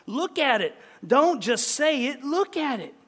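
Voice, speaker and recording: A desperate, anguished rural husband, read aloud by a preacher, pleading to be understood. His voice is high and strained, and a long hall reverb trails behind it. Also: sing-song, moderate pace, exaggerated voice.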